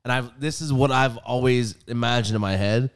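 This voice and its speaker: A man's voice: medium pitch, moderate pace, smooth. A man co-hosting a casual podcast chat, telling stories in a joking, profane way. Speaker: podcast co-host.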